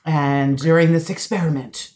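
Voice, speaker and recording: A woman's voice: deep voice, fairly even intonation, normal speed, darkish tone. A woman chatting as a podcast guest, enthusiastic and rambling as she explains a show. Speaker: guest contestant. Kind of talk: casual chat.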